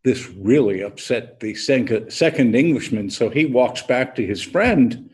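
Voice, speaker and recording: A man delivering a sermon at a slow, measured pace, his voice slightly husky. He tells his story like an unhurried storyteller, letting deliberate pauses hang before moving on. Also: mid-range voice, expressive, a little mellow. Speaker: preacher. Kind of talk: sermon with a told joke.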